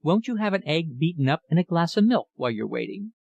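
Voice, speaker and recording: A man's voice: fairly high pitch, very animated, gravelly, a little mellow, lo-fi sound, pitched above the performer's own voice. Man voicing a drawling motherly woman. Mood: concerned. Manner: slow drawl, concerned. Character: motherly middle-aged woman, slow drawl.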